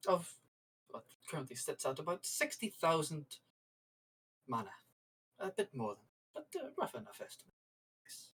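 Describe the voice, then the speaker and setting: A game master voicing a smug, polite male corporate manager who speaks slowly and with faint menace. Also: mid-range voice, huge pitch swings, a bit bright, slightly rough, full character voice, poor audio. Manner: courteous, drawn-out, faintly menacing.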